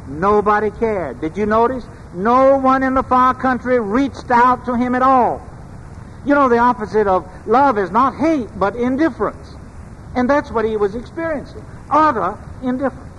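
A man preaching a sermon in a church, speaking in a measured, emphatic way and asking rhetorical questions. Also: extremely high pitch, fairly bright tone. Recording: long hall reverb, faint background noise.

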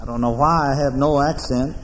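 An American man preaching a sermon as pastor, in a measured, solemn oratorical manner with deliberate pauses, in a large church sanctuary. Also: mid-range voice, steady tone, a little hiss or hum. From United States. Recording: long reverb of a large church hall.

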